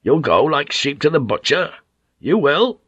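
A man's voice: a little high, big pitch swings, measured pace, fairly bright tone, breathy edge, dry recording, dull audio, voice pushed up, exaggerated voice. A man doing a curt, icy sea pilot. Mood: commanding. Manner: curt, commanding. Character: stern male ship's pilot, icy and commanding.

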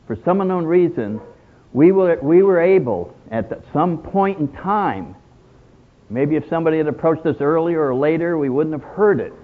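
A man speaking at a recovery meeting in a conversational storytelling way. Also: medium pitch. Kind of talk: personal talk with told jokes. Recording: tinny phone-like sound.

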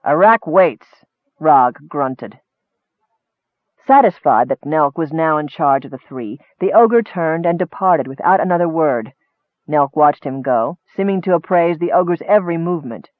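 A man reading a fantasy novel aloud in steady, measured narration. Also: on the high side, no room sound. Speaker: audiobook narrator. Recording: thin phone-like dry sound.

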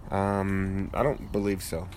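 Low-voiced laid-back man on a porch. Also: monotone, takes it slowly, a little mellow, a little hiss or hum. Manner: laid-back, dry humor, rambling with fillers. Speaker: podcast co-host. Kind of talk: casual chat. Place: outdoors on a porch swing.

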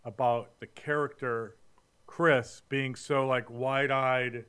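A man's voice: medium pitch, steady tone, takes it slowly, fairly bright tone, smooth. A man co-hosting a podcast, chatting casually about a book with blunt, opinionated complaints. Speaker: podcast co-host. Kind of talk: casual book-review chat.

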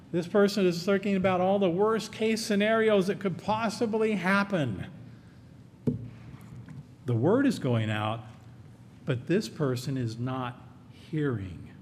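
A man's voice: measured pace, long pauses, darkish tone. A man preaching a sermon as pastor, earnest and emphatic, repeating his key phrases. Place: church. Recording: echoey hall, faint rumble.

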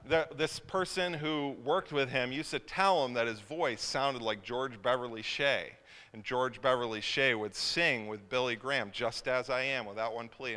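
A man's voice: medium pitch, bright, forceful tone, smooth. Man, pastor, conversational sermon, fillers and restarts, long church reverb. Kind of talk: sermon with personal storytelling.

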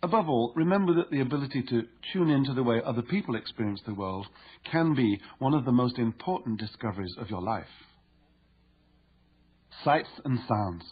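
A man reading his own book aloud as narrator, in a measured, explanatory way. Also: mid-range voice, lively intonation, husky, phone-quality sound. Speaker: author and narrator. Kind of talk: audiobook narration.

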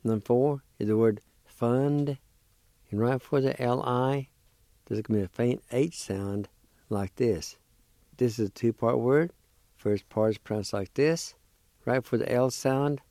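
A man patiently teaching words syllable by syllable on a radio lesson, repeating each sound slowly. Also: mid-range voice, mellow, dry recording. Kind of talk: slow spelling and pronunciation lesson.

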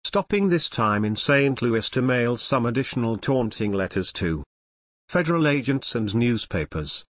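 Man, audiobook narrator, true-crime reading, animated intonation, dry close sound. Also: medium pitch, moderate pace, no room sound.

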